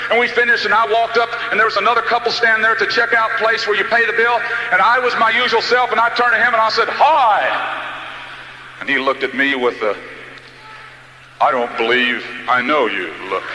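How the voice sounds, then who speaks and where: A man's voice: high-pitched, fast, few pauses, sharp tone, roomy sound, in a large hall, a little hiss or hum, poor audio. A man giving a live motivational speech, telling folksy, humorous stories to his audience. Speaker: motivational speaker.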